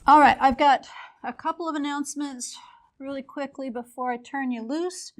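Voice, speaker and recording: A woman's voice: high voice, steady tone, normal speed. A woman lecturing a chemistry class in a casual, explanatory way, with a few fillers as she goes.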